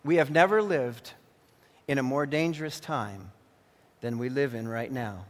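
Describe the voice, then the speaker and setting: A man's voice: medium pitch, a little slow. A man preaching a sermon as pastor in an earnest, warning manner, also narrating a story. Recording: long hall reverb.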